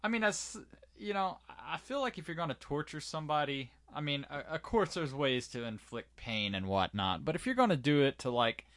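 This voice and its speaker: A man's voice: a little high, lively intonation, normal speed, a bit bright. A man co-hosting a podcast in casual chat, who swears freely and riffs in a rambling way. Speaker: podcast co-host.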